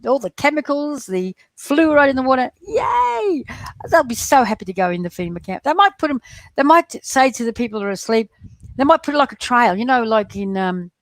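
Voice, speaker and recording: A middle-aged woman hosting a live stream, talking in a rambling, excitable way and chatting to viewers as she reads their comments. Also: fairly high pitch, a little fast, dry recording. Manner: rambling, excitable, talks straight to her viewers. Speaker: livestream host reading viewer chat. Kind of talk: casual live-stream chat.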